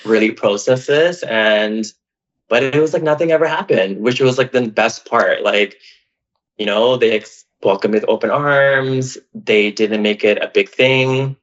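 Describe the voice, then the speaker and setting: A man's voice: medium pitch, measured pace, a bit bright. A man from Canada talking openly about his life in a podcast, telling a personal story in a chatty, emotional way with lots of "like". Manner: chatty, heavy use of "like", emotional and open. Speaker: podcast guest. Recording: dull, lo-fi audio.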